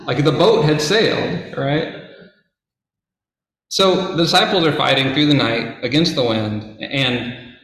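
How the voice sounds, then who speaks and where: Man, casual Bible talk, chatty asides, mid pitch, very echoey room. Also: a bit bright. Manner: casual, conversational, with fillers and asides. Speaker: Bible teacher. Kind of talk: informal Bible story retelling.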